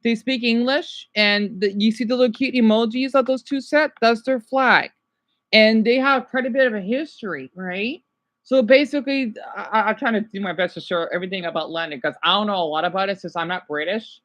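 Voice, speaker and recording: A tired American woman hosts a livestream, chatting casually with viewers and explaining things slowly while they watch a video together. Her voice is mid-range and a bit bright.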